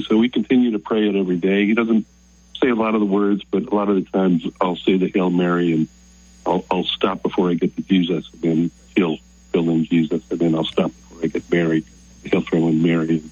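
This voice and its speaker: An older man from Maryland phones in to a radio show, his very deep, husky voice earnest and halting with emotion. The line sounds dull and lo-fi, like a telephone call. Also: steady tone, darkish tone, no echo. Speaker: caller.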